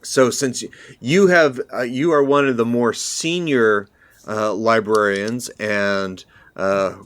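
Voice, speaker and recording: A man narrating as game master of a tabletop fantasy game in a measured, deliberate way. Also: medium pitch, steady tone, fairly bright tone, clean tone, no room sound.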